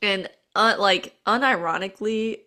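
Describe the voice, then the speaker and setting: A young adult woman co-hosting a podcast, chatting casually as she recaps a cartoon and acts out bits of dialogue in quick put-on voices. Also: medium pitch. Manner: animated storyteller, acts out lines in quick voices. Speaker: podcast co-host.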